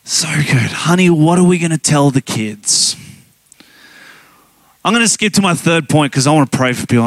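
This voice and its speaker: A man preaches with a high, bright-sounding voice, animated and emphatic as he tells a story. He laughs often and presses his points hard. The sound is dry and close, with no room around it. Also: dry recording. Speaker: guest pastor. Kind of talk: sermon.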